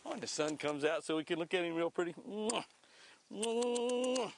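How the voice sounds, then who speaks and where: A man's voice: on the high side, racing, a little hiss or hum. An older man hosting a fishing show outdoors on a lake, talking in a folksy, chatty way. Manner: folksy, excitable, laughs and whoops when fish bite. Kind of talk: casual outdoor fishing demonstration.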